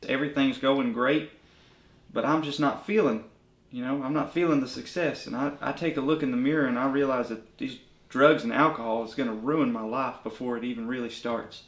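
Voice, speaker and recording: A man's voice: medium pitch, fairly even intonation, a little fast, echoey room, lightly acted. A man playing a bitter, crippled male former bandmate, telling his story with crude, sardonic humor in a mockumentary interview.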